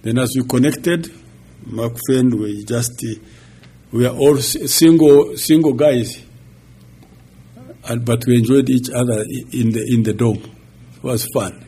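A man in his sixties, a pastor giving a halting, chuckling personal testimony. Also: mid-range voice, mellow, husky. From Uganda. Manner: slow, halting storytelling with chuckles.

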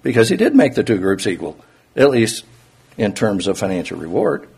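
A man's voice: on the low side, very animated, moderate pace, creaky, darkish tone, breathy edge. A man preaching a conversational sermon, explaining scripture and asking his listeners rhetorical questions.

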